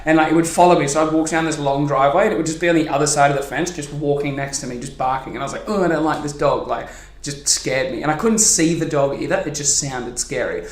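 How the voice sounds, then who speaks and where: A young man born in New Zealand and raised in Australia, telling a story in casual podcast chat. He swears freely, laughs through it and acts out the other people in it. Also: a little high. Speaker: podcast host. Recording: echoey room.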